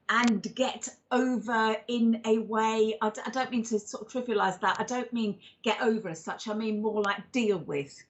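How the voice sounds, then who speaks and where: A woman's voice: on the high side, muffled recording. Chatty woman giving psychic readings. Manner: chatty, rambling, affectionate, calls people darling. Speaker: psychic medium and regression therapist. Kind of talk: live-stream card readings and chat.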